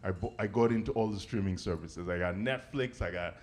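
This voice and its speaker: A man performing a stand-up comedy set, animated and conversational, often checking in with the crowd. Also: sits low, a little fast. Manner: animated, conversational, keeps asking "right?" and "okay?".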